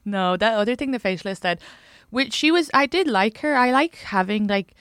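A woman's voice: mid-range voice, moderate pace, dry recording, clean studio sound. An Irish woman, a comedian, chatting casually as a podcast guest and acting out other people's lines as she tells stories. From Ireland. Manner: animated storyteller who acts out other people's lines. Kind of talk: casual chat.

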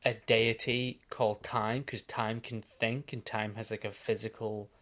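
An Australian man co-hosting a casual podcast, recapping episodes in a quick, animated way. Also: fairly low pitch. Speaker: podcast co-host.

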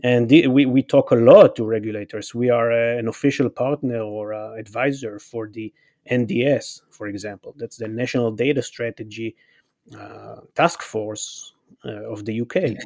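A man's voice: medium pitch, fairly even intonation, normal speed, darkish tone. A man, a company chief executive, answering interview questions in an earnest, persuasive way and appealing directly to the listener. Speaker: company CEO, interview guest.

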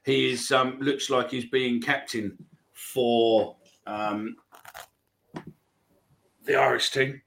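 A man's voice: mid-range voice, fairly even intonation, slow pace, gravelly, long pauses, fairly bright tone, a little hiss or hum. A man hosting a live football podcast, chatting casually and rambling through announcements. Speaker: podcast host.

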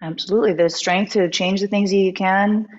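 A woman guest musician telling a personal story in a candid interview, animated and full of fillers. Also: mid-range voice, a little fast, dull audio.

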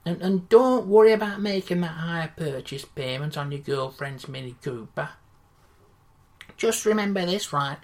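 A woman's voice: fairly low pitch, lively intonation, normal speed. A woman voicing a modest male football caretaker manager in a comedy sketch, who rambles and hesitates with lots of fillers. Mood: rousing.

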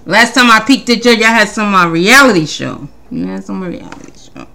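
Playful podcast woman, bright and lively. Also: mid-range voice, moderate pace, gravelly. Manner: playful, teasing, laughs often, rambling restarts. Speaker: podcast host. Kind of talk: casual comedic monologue.

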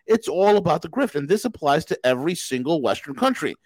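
A man's voice: a little high, very animated, a little fast, darkish tone, dry recording. A man hosting a podcast in a casual political rant, emphatic and repetitive, often restarting mid-sentence. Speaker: podcast host.

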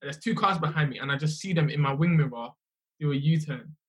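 A young man, a musician telling his story in a casual, animated way, often repeating himself. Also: on the high side, quick pace. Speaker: musician guest.

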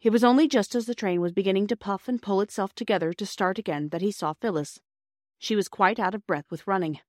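A woman narrating a classic children's story as a podcast host, in a clear, steady reading voice. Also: medium pitch, fast, dry recording, clean studio sound.

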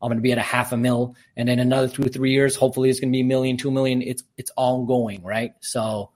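A confident, upbeat man from Canada speaks as a podcast guest. He talks in quick, energetic bursts with the ease of a professional speaker. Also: mid-range voice. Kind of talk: casual podcast interview.

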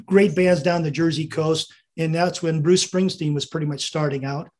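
In a storytelling interview, a septuagenarian American veteran spins meandering stories full of chuckles and quoted lines. He speaks at normal speed in a steady, darkish voice on the high side.

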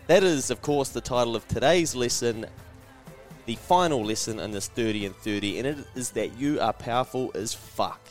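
A man hosting a motivational solo podcast, energetic and blunt, swearing freely and mimicking naysayers in a higher voice. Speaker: podcast host.

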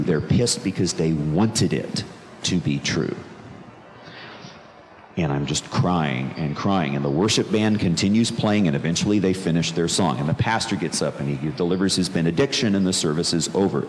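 In a large, reverberant room with faint background noise, a man at a normal speed shares the story of his conversion. His voice sits low, and he speaks earnestly and reflectively, repeating phrases for emphasis.

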